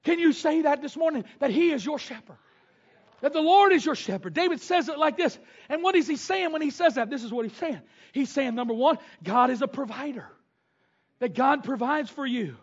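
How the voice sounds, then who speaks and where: A male pastor preaching a sermon, swinging from loud shouted bursts and whoops to quieter teaching. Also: extremely high pitch, animated, fairly quick. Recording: dull lo-fi sound.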